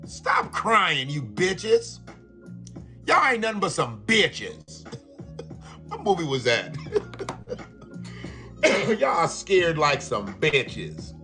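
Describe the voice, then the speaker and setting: A man hosting a live stream, ranting in a profane, animated way with laughing asides. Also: fairly high pitch, very slow, pauses often, faint music behind. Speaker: livestream host. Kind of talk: live commentary rant.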